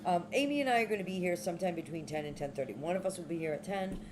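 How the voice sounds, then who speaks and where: A woman's voice: fairly low pitch, racing, noisy background. A woman co-hosting a casual chat podcast, talking in a laid-back, rambling way with many ums and self-corrections. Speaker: podcast co-host.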